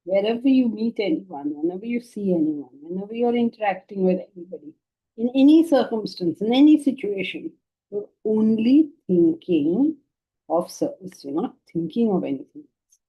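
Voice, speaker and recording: A woman's voice: mid-range voice, lively intonation, normal speed, slightly rough. A woman giving a spiritual lecture, emphatic and full of rhetorical questions. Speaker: spiritual teacher. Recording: dull lo-fi sound.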